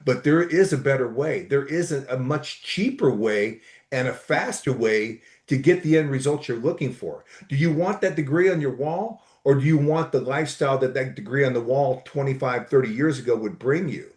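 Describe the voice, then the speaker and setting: A man's voice: medium pitch, moderate pace, hardly any pauses, a little mellow. A middle-aged man, a guest telling stories in a casual chat, enthusiastic and rambling with restarts. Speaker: podcast guest, entrepreneur. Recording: echoey room.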